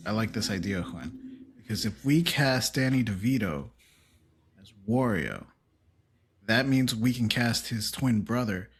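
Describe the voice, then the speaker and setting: A man's voice: lowish voice, animated, unhurried, slightly rough. A man co-hosting a podcast in casual chat, playful and jokey. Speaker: podcast co-host.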